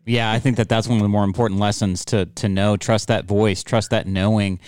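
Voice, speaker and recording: A man hosting an interview, talking in a calm, supportive and measured way. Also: fairly low pitch, no room sound, studio quality. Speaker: podcast host. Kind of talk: interview conversation.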